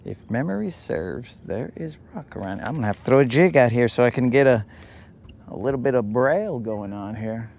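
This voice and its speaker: A man with an expressive, mid-range voice, slightly mellow and touched with vocal fry, talks at normal speed while fishing from a boat on a lake. He's hosting a livestream, joking and teasing with the audience and talking to himself as he fishes.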